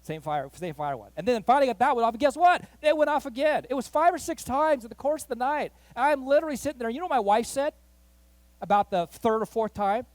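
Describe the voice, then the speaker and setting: A man pastor telling a story in a sermon, animated and acting out the voices of the people in it. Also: extremely high pitch, fast talker, no echo. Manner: animated, acts out quoted voices, rising excitement. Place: church.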